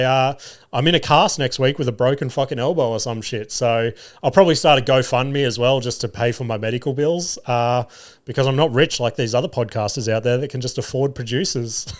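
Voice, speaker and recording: Aussie bloke in his 30s rambling stories on his podcast, swears a lot, mid-pitched voice. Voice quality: sweary, animated storyteller. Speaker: podcast host. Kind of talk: solo podcast storytelling.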